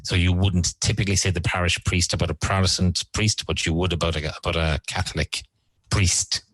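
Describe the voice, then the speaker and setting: A man's voice: low-pitched, fairly even intonation, fairly bright tone, dry recording, low-quality recording. A man teaching English vocabulary, repeating each word and explaining how it is used. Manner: repeats words slowly and explains them. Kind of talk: vocabulary lesson.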